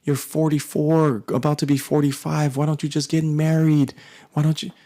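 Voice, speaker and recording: A man's voice: a little high, little pitch movement, normal speed, dark tone, pitched above the performer's own voice, lightly acted. A man doing a nagging, guilt-tripping older mom. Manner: pleading, repetitive nagging.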